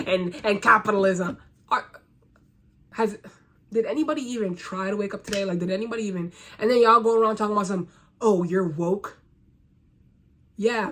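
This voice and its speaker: A young American woman vlogger rants to camera in a loose, casual monologue. Her mid-range voice has a fairly bright tone, and she's blunt, sarcastic, and swears freely.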